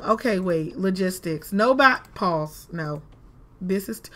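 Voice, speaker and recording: A woman's voice: mid-range voice, animated, a little slow, a bit bright. A woman giving casual let's-play commentary, chatty and talking to herself, with frustrated exclamations. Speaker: gaming video creator.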